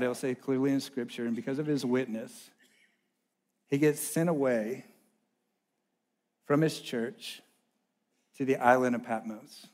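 A young man preaching a sermon, telling a funny personal story in an animated, self-deprecating way, swinging from loud to hushed. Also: mid-range voice. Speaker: pastor.

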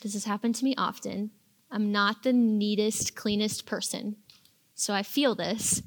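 A young adult woman giving a casual storytelling talk to teens, animated and acting out little quoted lines as she goes. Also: mid-range voice, measured pace. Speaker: speaker addressing teens.

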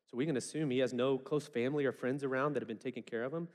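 A man's voice: mid-range voice, steady tone, rapid-fire, darkish tone. A man delivers a sermon like a friendly story. His voice sits in an ordinary middle register. He slips in and out of quoted voices as he talks. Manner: conversational storytelling preacher, acts out quotes. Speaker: pastor.

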